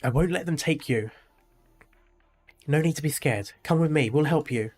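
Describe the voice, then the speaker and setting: A protective, worried young man from a game, read out by a man with a fairly high voice. He urges and comforts in a plain, earnest way, with faint game music behind. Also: moderate pace, a little mellow, lightly acted. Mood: urgent. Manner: reading the lines aloud, mostly plain.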